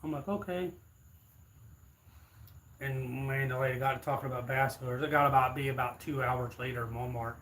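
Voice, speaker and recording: A man's voice: medium pitch, little pitch movement, fast, hardly any pauses, a bit bright, a little hiss or hum, poor audio. Folksy man telling stories. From Florida, USA. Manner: rambling, folksy, plain-spoken. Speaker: livestream host. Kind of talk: casual storytelling to viewers.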